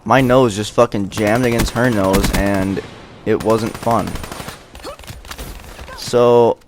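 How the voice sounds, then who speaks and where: A man's voice: on the low side, steady tone, takes it slowly, background noise. A young man vlogger telling a rambling, profane, self-mocking story in casual chat.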